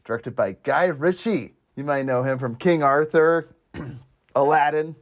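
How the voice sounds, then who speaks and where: A man's voice: fairly high pitch, measured pace. A young man hosting a podcast, chatting casually and laughing often as he quotes movie lines. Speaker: podcast host. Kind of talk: casual chat.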